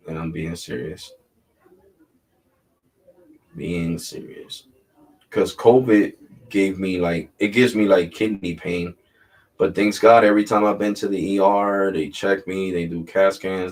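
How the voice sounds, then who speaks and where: A man hosting a tech talk stream, ranting casually and emphatically, with loose swearing. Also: low voice.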